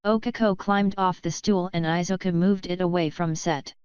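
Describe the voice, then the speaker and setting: A woman narrating a fan fiction audiobook in a calm, even storytelling manner. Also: on the low side, moderate pace, clear, resonant tone, dry recording. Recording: slightly dull, dry close-mic recording.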